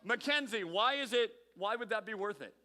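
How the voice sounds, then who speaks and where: A man's voice: high voice, animated, moderate pace, bright, forceful tone. A man leading a youth group game, calling on teens by name with playful teasing. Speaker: youth pastor. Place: large hall with audience. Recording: long reverb from a large hall.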